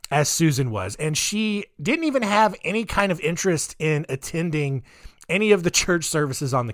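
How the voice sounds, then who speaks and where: A man's voice: fairly high pitch, dry recording, clean studio sound. A man hosting a podcast, casually telling a story with sarcasm, laughter and mocking put-on voices. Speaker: podcast host.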